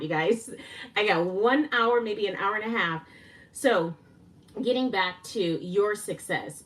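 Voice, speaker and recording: A woman hosting a casual live stream, excitable and a little winded, laughing often and gushing with thanks. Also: medium pitch, far from the mic. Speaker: livestream host.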